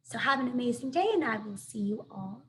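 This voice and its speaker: A woman's voice: a little high, expressive, brisk, slight background noise. A woman teacher reading a children's novel aloud and encouraging her students. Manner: warm, encouraging, speaks directly to students. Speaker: elementary school teacher. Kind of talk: read-aloud storytelling for children.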